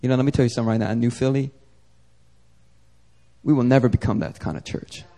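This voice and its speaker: A young man preaching a sermon as pastor, talking casually, climbing to emphatic peaks and dropping soft and low. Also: steady tone, quick pace.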